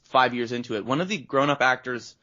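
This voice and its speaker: A man's voice: mid-range voice, a little fast, sharp tone. A Canadian man in his thirties, a voice actor guest, telling rambling stories in a casual interview and acting out the lines he quotes. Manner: rambling storyteller, acts out quotes. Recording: dull lo-fi audio.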